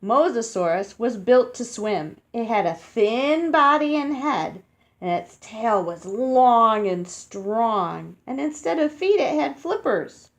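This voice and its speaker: Woman, picture-book reader for children; a slightly high voice, unhurried, sounds out tricky names. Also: lively intonation. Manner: explains words and asks children questions as she reads; slow and careful, sounding out hard names.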